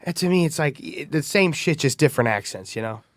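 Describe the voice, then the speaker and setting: A man's voice: a little high, animated, fast talker, no room sound, clean studio sound. Brash profane guy from the Bronx. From the Bronx, New York. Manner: brash, profane storytelling, laughs often. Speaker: guest comedian. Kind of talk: casual podcast chat.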